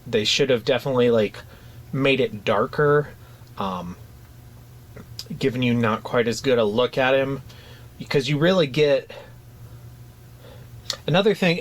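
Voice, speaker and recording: A man's voice: mid-range voice, normal speed, pauses often. A man co-hosting a podcast, talking in a casual, hesitant way with frequent restarts and fillers. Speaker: podcast co-host. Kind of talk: casual chat.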